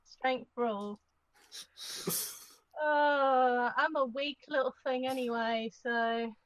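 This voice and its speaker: A woman's voice: high voice, fairly even intonation, drawn-out words, fairly bright tone, dry recording, muffled recording. A woman playing in a tabletop game, speaking playfully with some exasperation. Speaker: player. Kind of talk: casual tabletop play.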